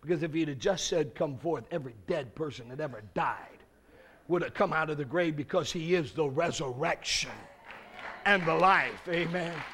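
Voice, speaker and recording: A man preaching a revival sermon, acting out the story's voices and building up to loud shouts. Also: on the high side, moderate pace, a faint crowd.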